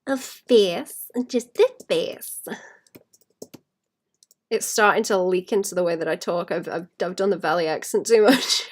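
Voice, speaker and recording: A woman who illustrates, chatting casually and thinking aloud while she draws, rambling and laughing softly. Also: on the low side, normal speed. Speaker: illustrator streaming while drawing. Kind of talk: casual chat while drawing.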